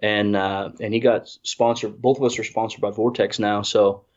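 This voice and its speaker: A man's voice: fairly low pitch, level tone, normal speed, a little mellow. A congested man telling a rambling, self-deprecating story in casual chat, full of restarts. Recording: dull lo-fi audio.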